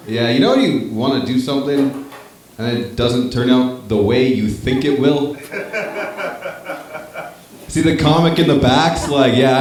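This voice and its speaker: A man's voice: mid-range voice, darkish tone, a little hiss or hum. A young Canadian man from Northern Ontario doing stand-up comedy, bantering with the audience in a casual, swearing, self-mocking way. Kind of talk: stand-up comedy with crowd work. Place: comedy club with a live crowd. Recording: echoey room, live crowd.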